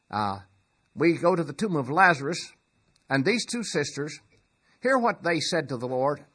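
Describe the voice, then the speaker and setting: A man preaching a sermon, slow and measured, swelling to loud emphatic peaks. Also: a little high.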